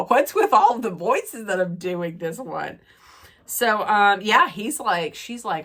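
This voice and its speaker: A woman's voice: medium pitch, animated, slow pace, a bit bright. A woman vlogger recapping and ranting about a reality TV episode in a rambling, casual way, with a nasal, stuffy voice from draining sinuses. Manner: chatty, rambling with many fillers and restarts.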